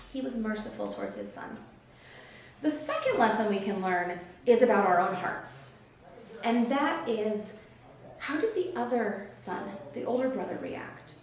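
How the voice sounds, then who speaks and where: High-voiced woman in an echoey room. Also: normal speed, far from the mic. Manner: animated, acts out characters' quotes. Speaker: children's Bible teacher. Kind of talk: storytelling Bible lesson for children. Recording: very echoey room, faint background noise.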